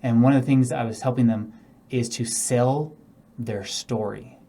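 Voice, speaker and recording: A man's voice: mid-range voice, steady tone, moderate pace, warm tone. Casual male real estate trainer. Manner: casual, demonstrates tones and acts out example speakers. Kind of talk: instructional talk.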